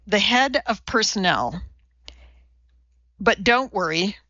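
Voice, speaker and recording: A woman's voice: mid-range voice, animated, slow, pushed and bright, no echo, exaggerated voice. A woman narrator voicing a practical, gossipy older female neighbor with an indignant edge, recorded a little dull.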